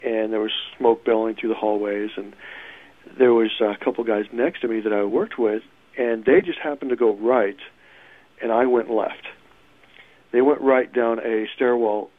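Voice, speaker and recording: A man tells his story in a halting, restarting way, full of small fillers. His voice comes through a tinny, narrow phone line. The sound is dry, with no room around it. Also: mid-range voice, no room sound. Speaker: interviewee recounting an event. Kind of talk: personal account.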